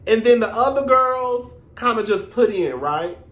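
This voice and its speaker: A man hosting his own reality TV review vlog, talking in a sassy, animated, profane gossip style with drawn-out emphasis. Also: extremely high pitch, reverberant. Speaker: reality TV reviewer, show host. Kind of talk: casual commentary vlog.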